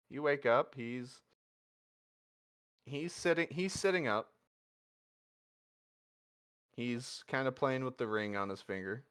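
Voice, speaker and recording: A man narrating a tabletop role-playing game as game master, in a relaxed, halting way. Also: mid-range voice. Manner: relaxed, halting, full of restarts.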